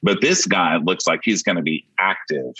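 A man's voice: sits low, moderate pace, pushed and bright, husky, no echo, poor audio. A man co-hosting, chatting animatedly and gossiping about a reality show. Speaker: podcast co-host. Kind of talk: casual chat.

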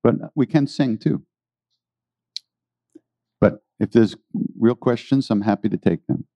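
A deep-voiced man talks to a gathered audience about spiritual practice, earnest and loosely rambling, circling back to repeat his phrases. His tone is dark and mellow, recorded close and dry. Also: a little slow, no echo, muffled recording. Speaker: spiritual teacher giving a talk. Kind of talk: informal spiritual talk to a live audience.

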